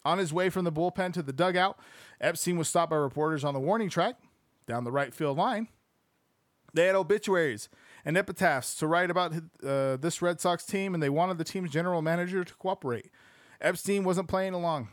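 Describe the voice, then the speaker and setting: A man reading a sports book aloud, breaking off into excitable, profane, slangy asides. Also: fairly high pitch, fairly quick, no echo, clean studio sound.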